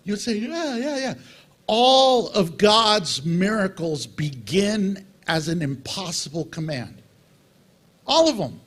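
Animated husky-voiced male preacher. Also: high-pitched, slow. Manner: animated preaching, acting out dialogue with God. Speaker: pastor. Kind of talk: sermon.

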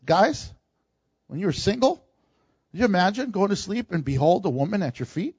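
A man preaching a sermon, animated, acting out the lines he quotes and laughing often. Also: high-pitched, normal speed, husky, dry recording, lo-fi sound.

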